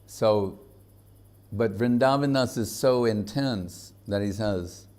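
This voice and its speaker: A man who is a spiritual teacher, giving a conversational devotional lecture in an informal, halting way, with frequent fillers and chuckles. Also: lowish voice, darkish tone.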